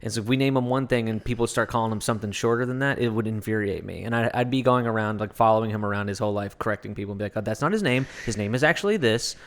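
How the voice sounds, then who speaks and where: A man's voice: lowish voice, fairly even intonation, very fast, few pauses. Joking podcast host, a man. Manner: joking, playful banter. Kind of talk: casual chat.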